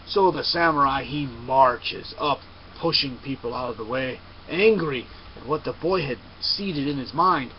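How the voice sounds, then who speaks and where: A man telling a story aloud in a slow, dramatic way, on a dull recording with faint hiss. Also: fairly high pitch. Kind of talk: told story narration.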